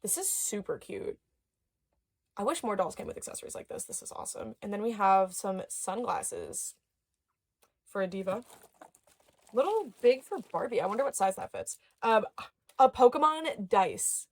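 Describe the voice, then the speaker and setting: A young adult woman chatting casually as she unboxes dolls and toys, excitable, with gasps and soft murmured asides. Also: medium pitch, normal speed, pauses often. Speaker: doll collector YouTuber.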